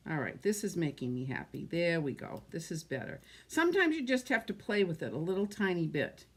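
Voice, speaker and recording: A woman's voice: fairly low pitch, very animated, fairly quick, slightly rough. A woman with a Boston-area Massachusetts accent, chatting casually through a live card-making demo and greeting viewers by name. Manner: chatty, greets viewers by name, thinks aloud while working. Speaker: card-making livestream host.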